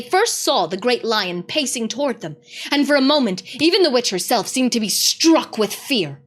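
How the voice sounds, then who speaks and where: A woman narrating a storybook read-aloud in an expressive, dramatic way. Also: on the high side, normal speed.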